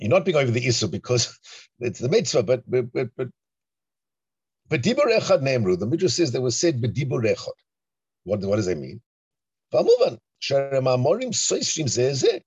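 A man teaching a Torah class in an animated, emphatic way, often asking rhetorical questions. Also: medium pitch, husky, no echo. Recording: dull lo-fi recording.

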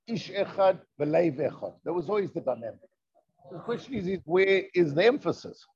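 A man with a high-pitched, slightly mellow voice and lively intonation teaches a Torah lesson at normal speed, reading from the text in a classroom setting. He explains conversationally, poses rhetorical questions, and mixes in Hebrew terms, heard through a dull lo-fi recording.

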